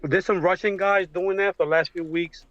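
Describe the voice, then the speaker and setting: A man on a livestream video call, talking in a halting, emotional way with many fillers. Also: sits high, fairly even intonation, a bit bright, no echo, highs cut off. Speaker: guest on a livestream. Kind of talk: casual supportive chat. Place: home with a train passing outside.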